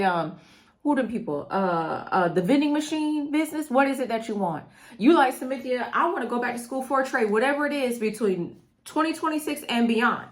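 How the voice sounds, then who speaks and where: A woman's voice: fairly high pitch, a bit bright. Emphatic woman giving a motivational talk. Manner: emphatic and preachy, repeats phrases, talks straight to the viewer. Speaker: mindset coach.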